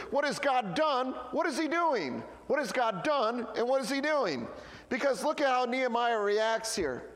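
An animated male pastor preaches a sermon, firing rhetorical questions before dropping into quiet asides. His high voice swings widely in pitch, and a long, sanctuary-like reverb trails each phrase.

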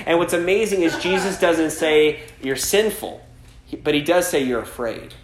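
A man's voice: a little high, moderate pace, a little hiss or hum. A man pastor preaching a sermon in a loose, conversational way, often asking "right?" and acting out the people in the story. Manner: casual preaching, frequent "right?", acts out voices with laughs. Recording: echoey room.

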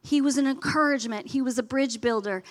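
Female speaker, high pitch, earnest teaching sermon. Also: fast talker.

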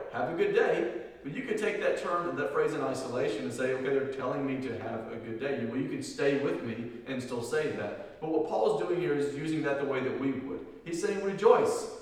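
A male pastor giving a sermon, reading scripture slowly and with emphasis, then explaining it in relaxed, conversational asides. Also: medium pitch. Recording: echoey hall, picked up from a distance.

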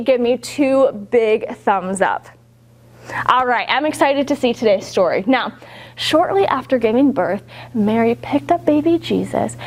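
A woman with a high, bright voice tells a Bible story to young children. She keeps it animated and upbeat and keeps asking them to act along. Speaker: children's church teacher.

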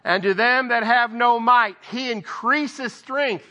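A man's voice: extremely high pitch, takes it slowly, hardly any pauses, bright, forceful tone. A man giving an informal Bible devotional, reading scripture aloud and breaking off for conversational asides. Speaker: lay preacher.

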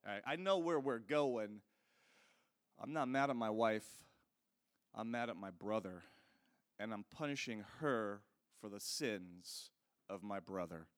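A man quoting a troubled executive who speaks quietly and haltingly during a sermon. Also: lowish voice, lively intonation, no room sound, studio quality, pitched below the performer's own voice. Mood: subdued.

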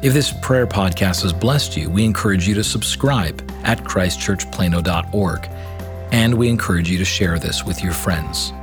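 A man who is a priest, with a Canadian accent, leading an evening prayer podcast in slow, measured, reverent recitation. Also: sits low, music in the background. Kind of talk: liturgical prayer reading.

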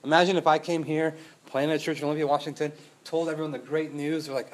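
A young adult man preaching a sermon as pastor, conversational and animated, asking the room rhetorical questions and acting out quotes. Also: fairly high pitch, fast.

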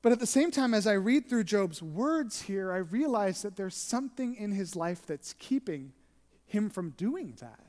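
A pastor preaching an earnest sermon, shifting between emphatic and hushed delivery. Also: medium pitch, big pitch swings, unhurried, in a large hall.

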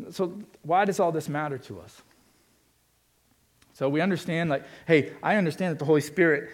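A man preaching a sermon as pastor, earnest and emphatic, swinging between forceful stretches and quiet ones. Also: on the high side.

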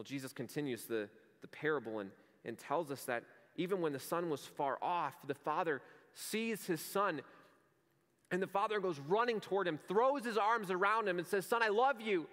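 A man's voice: on the high side, moderate pace, fairly bright tone. A male pastor delivering a sermon in an earnest, conversational way, telling vivid everyday stories. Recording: long hall reverb.

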